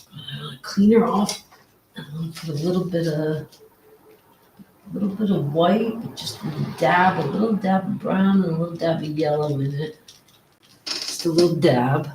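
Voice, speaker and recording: A live-stream painter talking casually while working, muttering to themself, repeating words as the brush moves and often dropping to soft whispers. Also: medium pitch, measured pace, long pauses, noisy background. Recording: roomy echo.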